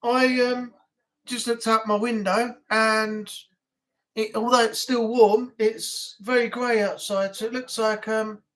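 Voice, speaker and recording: Man, northern English accent, livestream chat host, casual, rambling, lots of fillers. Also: high-pitched. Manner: rambling, relaxed, with many fillers.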